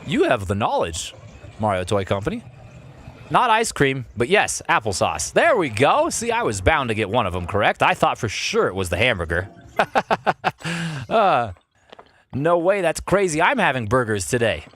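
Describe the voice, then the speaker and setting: A man's voice: medium pitch, moderate pace. Young guy doing live game commentary, goofy and chatty, voice bouncing all over the place. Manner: playful, animated, jokes with chat. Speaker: let's play streamer. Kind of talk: live-streamed gameplay commentary.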